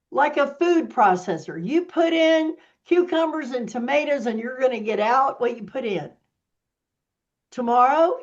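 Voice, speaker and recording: A woman with a somewhat high voice talks slowly and deliberately, sassy and animated as she explains things step by step to a small group. The sound is dull and lo-fi, like audio from a video call. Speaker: workshop presenter. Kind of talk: casual teaching talk.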